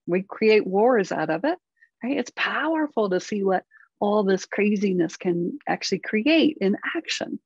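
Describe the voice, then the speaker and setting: A woman's voice: mid-range voice, a little slow, breathy edge, no room sound, dull audio. A middle-aged woman therapist and parent coach talking earnestly in an interview, acting out her inner voice as she explains. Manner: earnest, animated, acts out inner dialogue. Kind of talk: conversational interview.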